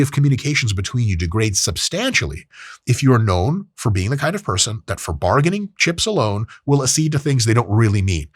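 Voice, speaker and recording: A man's voice: medium pitch, sing-song, fairly quick, no echo, studio quality. A man hosting a podcast, giving blunt, profane and emphatic advice in a casual monologue, acting out quoted exchanges along the way. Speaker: podcast host.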